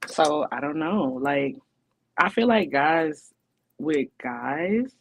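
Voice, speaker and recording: A woman's voice: deep voice, animated, slow. A woman co-hosting a casual relationship podcast, talking in a chatty, rhetorical way and often checking in with her listener. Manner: chatty, rhetorical, keeps asking "you know what I'm saying". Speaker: podcast co-host.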